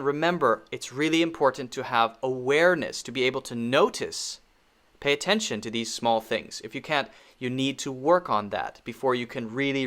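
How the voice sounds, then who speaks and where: A man with an American accent teaching a pronunciation lesson, patiently repeating model words with clear emphasis. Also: mid-range voice, a bit bright.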